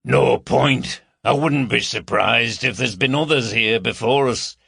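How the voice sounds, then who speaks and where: A man's voice: medium pitch, a little slow, gravelly, bright, forceful tone, husky, no room sound, clean studio sound, full character voice. A man voicing a bulky, crude and mocking middle-aged man with a Yorkshire accent. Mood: mocking, blunt.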